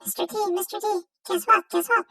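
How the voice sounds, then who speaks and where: A tiny, excitable monster puppet chirps in a very high, bright voice, repeating himself eagerly and calling himself by name. He speaks slowly and sits a little back from the microphone. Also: no echo, studio quality, recorded from a distance, exaggerated voice. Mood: excited.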